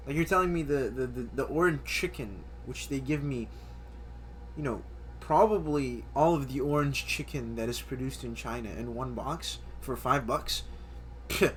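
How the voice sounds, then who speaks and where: This is casual, chatty list commentary from a vlogger in his twenties, eagerly naming things he loves and tripping over repeated words. His voice sits in the mid range and sounds fairly bright.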